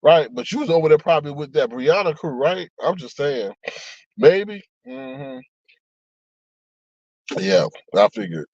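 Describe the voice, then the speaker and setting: A man's voice: a little high, expressive, normal speed, no room sound, dull audio. A man in casual chat on a live stream, reading viewer comments aloud and talking back to them. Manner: chatty, reads comments aloud, frequent laughs and asides.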